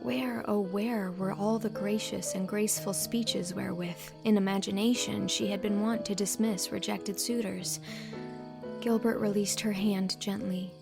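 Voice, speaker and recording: A woman narrates a novel in an expressive, measured way, her voice gravelly at a middle pitch. Faint music plays underneath. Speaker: audiobook narrator. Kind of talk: scripted narration.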